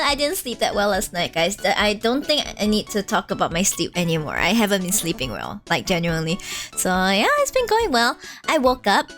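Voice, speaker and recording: Lively, giggly woman streamer. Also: mid-range voice. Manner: chatty, giggly, self-deprecating asides. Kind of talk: casual live-stream chat.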